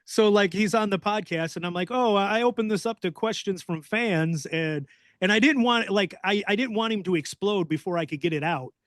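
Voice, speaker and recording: Animated man hosting, dry close sound. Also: high-pitched, moderate pace, dry recording. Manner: animated storyteller, acts out quoted voices loudly. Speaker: podcast host. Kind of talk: casual storytelling chat.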